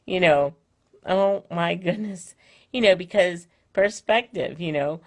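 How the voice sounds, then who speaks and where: A woman's voice: on the low side, slow, darkish tone. An older woman chatting casually from her home on a live stream, rambling with many fillers and restarts. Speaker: Facebook Live host. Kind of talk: casual chat. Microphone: phone or webcam, live stream.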